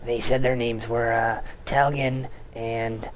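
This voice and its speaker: A man's voice: medium pitch, flat delivery, slow, dull audio, natural voice. A man voicing a timid, nerdy male prisoner who has been alone a long time, speaking mildly and apologetically. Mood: fretful. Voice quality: soft, mild, fussy and apologetic.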